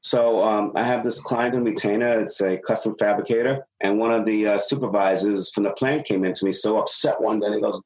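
Animated male sales consultant. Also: lowish voice, brisk, hardly any pauses, rough recording. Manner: animated storyteller, acts out dialogue. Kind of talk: podcast interview.

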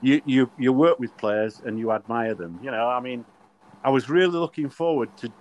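A man's voice: mid-range voice, normal speed, muffled recording. An older man, a former referee, tells anecdotes on a podcast and acts out the dialogue. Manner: animated storyteller who acts out quoted dialogue. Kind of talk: podcast interview, anecdotal storytelling.

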